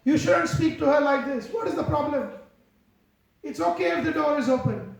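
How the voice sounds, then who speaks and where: A man's voice: very high voice, moderate pace, creaky. A man doing a firm protective elder. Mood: reproachful. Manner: firm, reproachful. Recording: very echoey hall.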